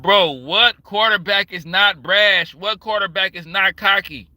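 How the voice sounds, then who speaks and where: A man livestreaming a casual, profane and emphatic rant, talking fast and loose as he works himself up. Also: sits high, music in the background. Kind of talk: casual ranting commentary.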